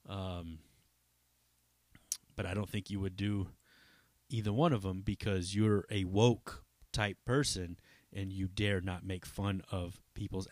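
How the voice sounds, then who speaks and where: A man hosts his own podcast, rambling loosely, cursing freely, and wandering through asides and fillers. His voice sits low, and the recording is dry.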